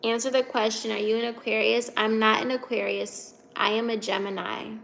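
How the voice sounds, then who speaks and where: A woman's voice: a little high, level tone, moderate pace, vocal fry, fairly bright tone, a little hiss or hum. A young woman from Virginia hosting a casual livestream, chatty and giggly as she reads out and answers comments. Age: 20s. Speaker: livestream host reading chat.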